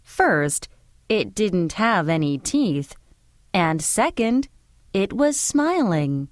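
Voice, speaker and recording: A woman narrating a children's storybook in a clear, expressive way. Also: medium pitch, slow pace, no echo, studio quality.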